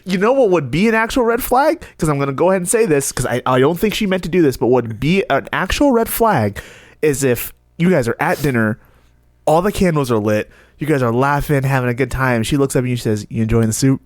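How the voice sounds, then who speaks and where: A man's voice: on the high side, expressive, a little fast, dry recording, clean studio sound. A man co-hosting a podcast in casual chat, talking through an advice question in an earnest, reassuring way. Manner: earnest, reassuring, thinks aloud with restarts. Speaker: podcast co-host.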